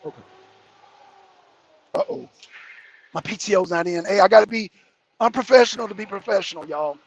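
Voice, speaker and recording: This trucker keeps up a casual livestream chat while driving his heavy truck down the road, joking, rambling, and replying to viewers between comments on the drive. His animated voice sits high and moves at a moderate pace.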